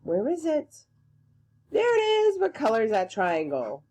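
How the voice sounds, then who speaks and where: A woman teacher leads small children through songs and counting in a sing-song, encouraging way. Her pitch leaps around with animation, and she takes her time. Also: huge pitch swings, measured pace, a little mellow. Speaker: preschool teacher. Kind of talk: online circle time for young children.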